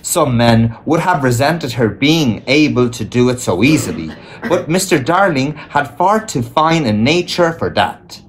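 A man reading a storybook aloud in an expressive storytelling manner. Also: mid-range voice, measured pace, slight background noise. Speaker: audiobook reader. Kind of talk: read-aloud storybook narration.

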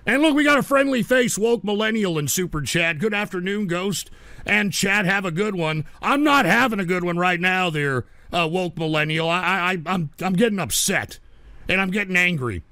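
Exasperated high-voiced man scolding trolls. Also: lively intonation, moderate pace, bright, forceful tone, no room sound. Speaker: livestream radio host. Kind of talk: live call-in stream, reading super chats.

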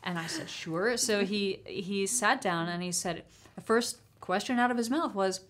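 A woman in casual conversation, telling a story in a wry, animated way and laughing mid-sentence. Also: mid-range voice, unhurried, slight background noise. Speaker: panel guest.

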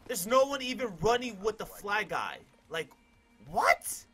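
Young male gaming commentator, high bright voice, loud and boastful. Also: very animated, normal speed, faint music behind. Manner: hyped, cocky, swears a lot, sudden yells. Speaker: gaming YouTuber. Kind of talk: gameplay commentary.

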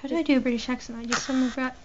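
A woman giving loud, joking commentary while playing a video game, on a dull lo-fi recording. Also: high voice, steady tone, very fast, slight background noise. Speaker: game player. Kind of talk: casual let's-play commentary.

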